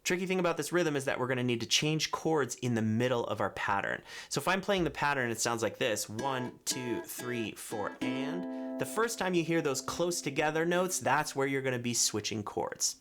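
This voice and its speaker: A man teaching a ukulele tutorial, giving clear, patient step-by-step instructions and counting beats aloud. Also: medium pitch, expressive, moderate pace, fairly bright tone, soft background music. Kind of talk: music tutorial, counting and singing along. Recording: ukulele playing behind the voice. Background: ukulele strumming.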